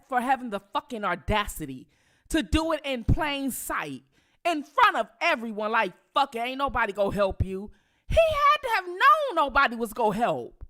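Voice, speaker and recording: A woman's voice: on the high side, sharp tone. A woman from Detroit with a Detroit accent, hosting casual commentary, emphatic and outraged, repeating herself for effect. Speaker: commentary channel host.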